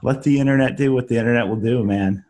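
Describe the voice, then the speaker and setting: A man's voice: mid-range voice, fast, mellow. A young man co-hosting a podcast in casual chat, joking around, swearing and laughing often. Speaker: podcast co-host.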